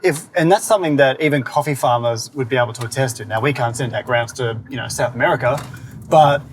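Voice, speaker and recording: A man's voice: medium pitch, fast talker, a little hiss or hum. A man hosting a casual podcast chat from inside a moving car, upbeat and enthusiastic. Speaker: podcast host.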